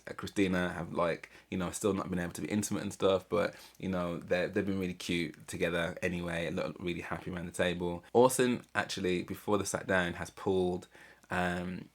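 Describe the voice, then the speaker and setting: A man casually recapping a reality show episode in a chatty, rambling way. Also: sits low. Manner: chatty, rambling, mimics cast members. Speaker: reaction channel host.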